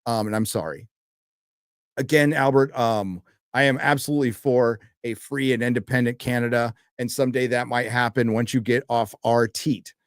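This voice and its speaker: A mid-range male voice with a steady tone and moderate pace comes through in studio quality, without room sound. He's an American hosting a casual live stream, reading donations and messages from viewers aloud, crude and offhand, with many fillers.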